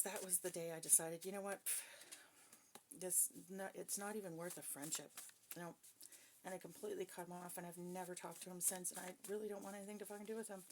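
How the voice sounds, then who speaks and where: Woman, psychic reader, casual talk to viewers, blunt, swears a lot, slightly low voice. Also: background noise. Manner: blunt and profane, emphatic.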